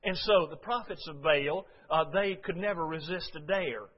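A man delivering a sermon in a church, chatting to his congregation in a folksy way. His voice sits a little high for a man. The recording is dull and lo-fi. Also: normal speed. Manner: folksy, conversational preaching with frequent "uh" and rhetorical questions. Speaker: preacher.

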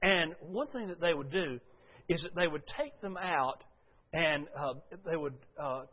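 An older man preaching a sermon as pastor, telling folksy stories and swinging from loud to quiet. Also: fairly high pitch, a little slow. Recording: dull lo-fi sound.

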